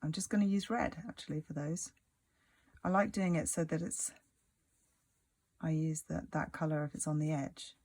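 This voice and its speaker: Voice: mid-range voice, darkish tone. A crochet tutor giving a casual, rambling tutorial, full of "like" fillers and asides muttered under the breath. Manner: rambling, chatty, many "like" fillers.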